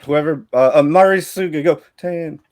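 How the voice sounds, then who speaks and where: A man hosting a casual lyrics quiz with friends, counting down quickly and swearing freely. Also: on the high side, darkish tone. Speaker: host running a lyrics quiz. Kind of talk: casual game chat.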